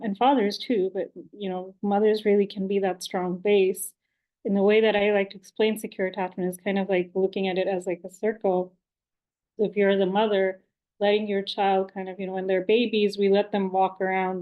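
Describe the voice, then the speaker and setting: A woman's voice: medium pitch, lo-fi sound. A woman on a panel discussion, talking conversationally with lots of fillers. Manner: conversational, uses many fillers.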